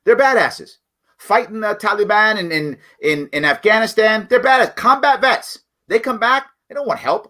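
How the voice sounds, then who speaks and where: A man's voice: high voice, moderate pace, bright, forceful tone. A middle-aged man hosting a livestream political commentary show, talking bluntly and emphatically straight to his viewers.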